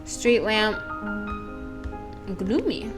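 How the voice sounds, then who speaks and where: A woman's voice: medium pitch, very animated, very slow. Female let's-player, casual and apologetic, narrating puzzles over game music. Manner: chatty, self-deprecating, apologetic asides. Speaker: gameplay streamer. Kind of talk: let's play commentary, reading game text aloud. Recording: game music playing behind.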